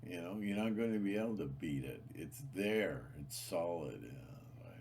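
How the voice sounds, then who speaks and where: A man with a fairly low voice talks to his channel's viewers in a loose, rambling monologue. He leans hard on repeated words, trails off, and restarts his sentences often. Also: lively intonation, unhurried, darkish tone. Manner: emphatic, repetitive, many restarts and fillers. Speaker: channel host.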